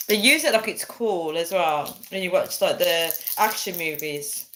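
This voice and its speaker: A woman's voice: fairly low pitch, normal speed, few pauses, a bit bright. Giggly young woman chatting on a livestream. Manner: giggly, chatty, reads comments aloud. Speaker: livestream host. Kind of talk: casual live chat with viewers.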